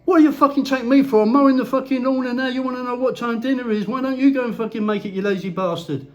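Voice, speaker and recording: A man putting on the voice of a furious nagging wife in a fast, shrill tirade full of swearing. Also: fairly even intonation, a little mellow, muffled recording. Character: furious nagging wife, middle-aged woman.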